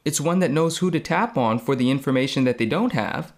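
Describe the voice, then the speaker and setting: A man's voice: medium pitch, fairly quick. Young guy cohosting a podcast, laughs at himself, lots of ups and downs in his voice. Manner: self-deprecating, reflective, animated storyteller. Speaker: podcast co-host. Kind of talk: casual podcast chat.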